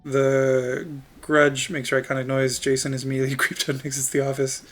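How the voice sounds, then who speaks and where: A man's voice: mid-range voice, completely flat delivery, brisk. A man streaming a video game, chatting casually and rambling with frequent laughs and fillers. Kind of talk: casual gameplay chat.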